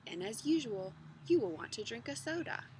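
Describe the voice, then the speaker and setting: A woman reading aloud as a sly male psychiatrist, speaking slowly in a soft, steady hypnotist's voice. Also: a little hiss or hum, low-quality recording. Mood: hypnotic. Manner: slow, soft and low, steady.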